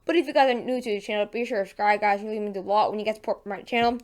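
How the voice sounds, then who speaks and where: A woman's voice: mid-range voice, very fast. A woman hosting a casual weather forecast vlog in her just-woken morning voice, chatty and full of fillers and self-corrections. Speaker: weather channel host.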